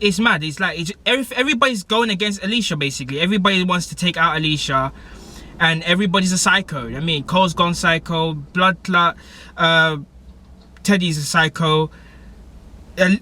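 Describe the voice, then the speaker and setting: A man's voice: a little high, quick pace, bright, forceful tone. A young man, recapping a TV episode in casual, rambling slang. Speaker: TV episode reviewer.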